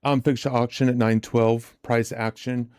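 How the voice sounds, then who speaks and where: A man talks casually on a live stream in a mid-range voice, recorded close and dry. He is chatty and animated, and he often repeats words and restarts his sentences as he goes. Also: medium pitch, unhurried, smooth, no echo. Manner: animated storyteller. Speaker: trading live-stream host.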